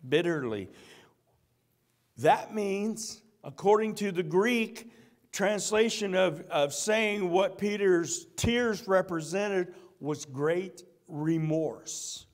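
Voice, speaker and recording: Male preacher with a high voice; earnest, slow-paced church sermon. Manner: earnest, repeats key phrases.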